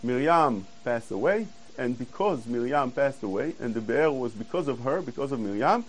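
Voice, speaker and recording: A man giving a Torah class, explaining verses earnestly and quoting Hebrew quickly. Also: medium pitch, lively intonation, rough recording. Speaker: Torah teacher.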